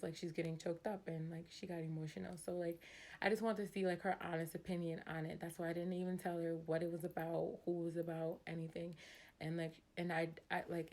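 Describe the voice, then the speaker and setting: A woman in her thirties talking casually and emotionally about parenting, hesitant and soft, full of "like" fillers. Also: fairly low pitch. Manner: heartfelt, hesitant, many "like" fillers; soft-spoken with sighs. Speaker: mother vlogging about parenting. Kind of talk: casual emotional confessional talk.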